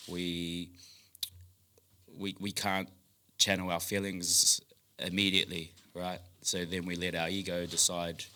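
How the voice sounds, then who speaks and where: A man in a casual podcast chat who talks in an animated way, swears freely, laughs between phrases and acts out the voices in his head. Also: sits low, a little slow.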